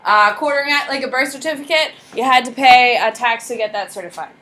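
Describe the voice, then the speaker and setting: Blunt, lively woman teacher lecturing. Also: a little high, fairly quick, slight background noise. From United States. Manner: lively, blunt, asks the class many rhetorical questions. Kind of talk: classroom history lecture. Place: classroom.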